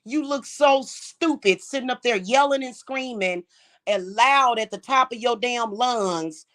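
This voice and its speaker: A woman's voice: on the high side, a little slow, a bit bright. A woman delivering an angry, profane, confrontational monologue to the camera, mocking and scolding someone. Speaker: vlogger.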